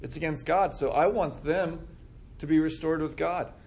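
This man's voice is fairly high with a darkish tone, and he talks at a normal speed. Running a group Bible study, he keeps it casual and conversational, voicing the remarks people might make.

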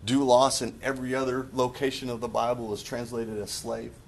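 A man's voice: medium pitch, monotone, a little fast, creaky, slight background noise. A man giving a sermon in an earnest, confessional way, often stopping and restarting his phrases. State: choked up. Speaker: preacher.

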